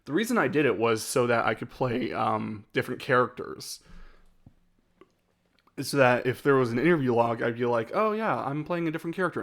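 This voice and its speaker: A man talks loosely on a live stream, working through a ranking of his own videos. He hesitates and restarts often, breaking into short laughs, and his voice sits at an ordinary middle pitch. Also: a bit bright. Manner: rambling and hesitant, with frequent laughs. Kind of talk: casual live-stream chat.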